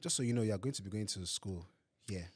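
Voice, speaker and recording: Husky London man telling lively stories. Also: fairly low pitch, quick pace. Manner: animated storyteller, acts out voices and laughs often. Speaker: podcast guest. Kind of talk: casual chat.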